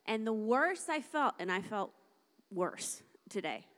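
A woman preaching a lively, conversational sermon to a church congregation, acting out little dialogues as she talks. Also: medium pitch, unhurried. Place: church service.

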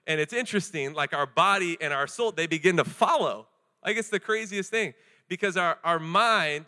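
Joking, animated young male preacher. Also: fairly high pitch. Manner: casual, joking and animated, many fillers. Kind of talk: sermon.

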